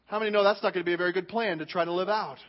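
A man preaching a sermon, leaning hard on drawn-out stresses and repeating words for emphasis. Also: high-pitched, steady tone, in a large hall, highs cut off. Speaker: pastor.

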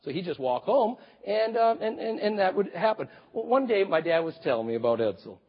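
A man in his fifties preaching a sermon, telling stories and swinging from booming to hushed. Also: sing-song, fairly quick, slightly rough. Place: large church hall. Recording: reverberant hall, slightly dull sound.

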